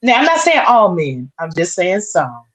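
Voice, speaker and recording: A woman guest in a casual group discussion, giving her view in a calm, matter-of-fact way. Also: fairly low pitch, moderate pace, low-quality recording. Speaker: panel guest.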